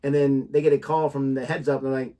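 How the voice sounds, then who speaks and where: A man's voice: mid-range voice, level tone, fast, warm tone. A man hosting a casual music reaction chat, chatty and opinionated as he sets up the song. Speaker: reaction channel host.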